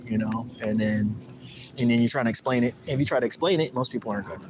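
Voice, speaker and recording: A man's voice: medium pitch, fast, noisy background. Rambling man chatting on a livestream. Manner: rambling, animated, acts out quoted voices. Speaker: livestream host. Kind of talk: casual livestream chat. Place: outdoors at a lake.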